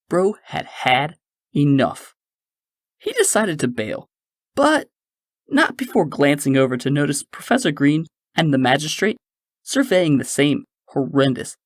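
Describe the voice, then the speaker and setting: A man narrating a science-fiction audiobook in a measured storytelling manner. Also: a little high, dry recording, studio quality. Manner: measured storytelling, shifting into character voices.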